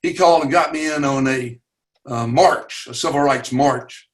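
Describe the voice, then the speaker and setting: Older Southern man telling stories. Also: mid-range voice. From Chattanooga, Tennessee. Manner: earnest, halting with fillers, voice rises at dramatic moments. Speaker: webinar guest speaker. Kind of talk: personal storytelling.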